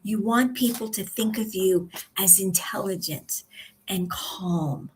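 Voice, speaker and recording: A woman coaching on public speaking in a live video lesson, calm and instructive, pausing deliberately between points. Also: medium pitch, slight background noise. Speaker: communication coach. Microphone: live video stream.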